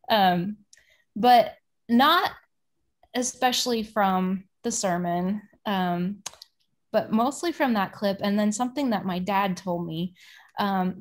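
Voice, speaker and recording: Chatty woman leading a video-call workshop. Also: mid-range voice. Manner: chatty, warm storytelling with many fillers. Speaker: children's ministry leader leading a workshop. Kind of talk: casual workshop facilitation. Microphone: computer mic on a video call.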